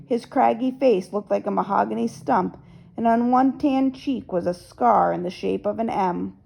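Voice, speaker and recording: A woman reading a novel aloud as first-person narrator, in a steady storytelling manner. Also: medium pitch, vocal fry, low-quality recording. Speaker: audiobook narrator.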